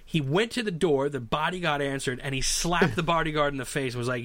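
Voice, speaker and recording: Bright, slightly high male co-host, rambling and joking in casual talk. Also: brisk, few pauses, no echo. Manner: rambling, joking storyteller with many restarts. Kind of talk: casual chat.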